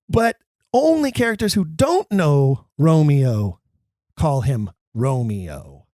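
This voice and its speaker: On his podcast, a man explains verse to actors emphatically, with wry, self-mocking asides, as part of a talk on Shakespeare. His warm voice is medium in pitch with big swings and a normal speed, recorded dry with clean studio sound.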